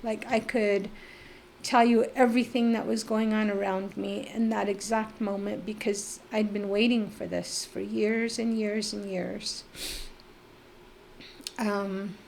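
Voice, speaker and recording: A woman's voice: medium pitch, flat delivery, takes it slowly, creaky, a little mellow, a little hiss or hum. A middle-aged woman telling her own life story as a podcast guest, candid and emotional, with lots of "like" fillers and a blunt swear now and then. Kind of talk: personal storytelling.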